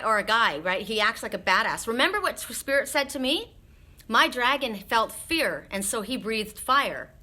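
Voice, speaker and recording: A woman's voice: a little high, pushed and bright. A woman doing spiritual readings on a live stream, chatting frankly with viewers, laughing often and swearing freely.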